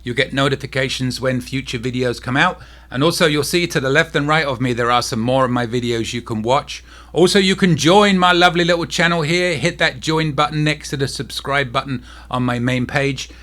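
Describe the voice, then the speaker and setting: A man hosting a casual cruise vlog at home, talking softly because his face is sore, with frequent asides to a restless cat. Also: mid-range voice, a little fast. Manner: talks softly, easily distracted by a restless cat.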